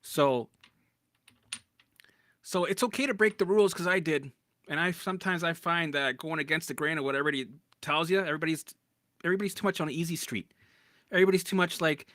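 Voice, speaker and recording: A man coaching people through recovery in a blunt, profane, animated casual talk. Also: on the high side, fast talker, dry recording, clean studio sound. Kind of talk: casual motivational talk to camera.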